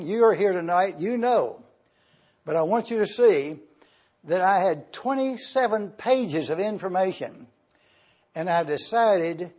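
A man preaching a sermon in a high, husky voice, unhurried and deliberate as he spells out Greek words letter by letter. The recording is muffled and lo-fi, like an old church tape. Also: a little mellow. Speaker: pastor.

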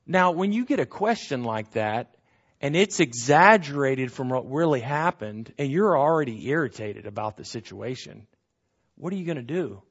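A man's voice: mid-range voice, normal speed, breathy edge. Man teaching scripture in a lo-fi recording. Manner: animated, rhetorical questions, acts out quotes. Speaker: Bible teacher. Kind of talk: conversational Bible teaching.

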